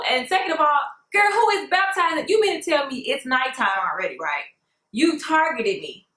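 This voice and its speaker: High, bright-voiced sassy young woman. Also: roomy sound, poor audio. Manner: sassy, animated, keeps addressing viewers as "girl". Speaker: vlogger. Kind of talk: story time vlog.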